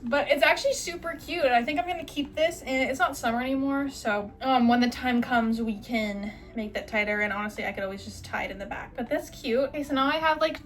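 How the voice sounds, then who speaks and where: A young woman vlogger, voice slightly high, talks fast with hardly any pauses while she sorts and cuts up old clothes. She rambles casually, swears now and then, and has the hiccups.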